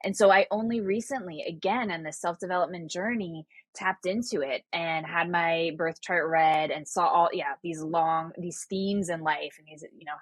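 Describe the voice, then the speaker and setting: A woman speaking as a podcast guest, talking in a reflective, measured way. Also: lowish voice, steady tone, dry recording. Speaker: interview guest. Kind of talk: casual conversational interview.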